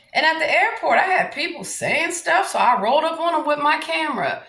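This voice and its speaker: A woman's voice: high-pitched, expressive, brisk, gravelly, hardly any pauses, fairly bright tone. A woman from New Orleans with a Southern accent, ranting to camera in a brash, profane and combative way. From New Orleans, USA. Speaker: vlogger. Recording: roomy echo.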